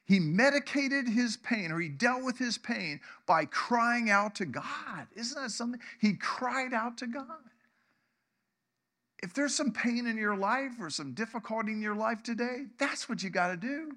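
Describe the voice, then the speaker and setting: Pastor, 60s, high bright voice, chatty sermon delivery with lots of questions to the room. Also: male voice, lively intonation, unhurried. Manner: conversational, asks the congregation questions, chuckles often.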